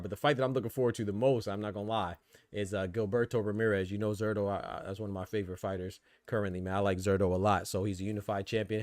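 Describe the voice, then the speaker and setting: Male boxing-show host, low voice, dry close sound, casual and rambling with fillers. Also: darkish tone, dry recording. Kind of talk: live boxing commentary chat.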